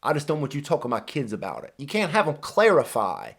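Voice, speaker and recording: A man in the middle of a heated, profanity-heavy reaction rant, hammering his points with emphatic repetition. His voice sits a touch high and swings widely in pitch as he pushes each line. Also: huge pitch swings, fast talker, gravelly, a bit bright, breathy edge. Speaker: commentator reacting to clips.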